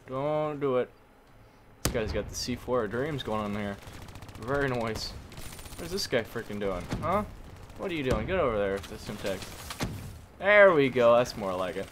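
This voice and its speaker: A man giving live commentary over his own gameplay, jokey and prone to sudden yelps and shouts. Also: medium pitch, lively intonation, moderate pace, pauses often, a little hiss or hum. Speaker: gaming commentator.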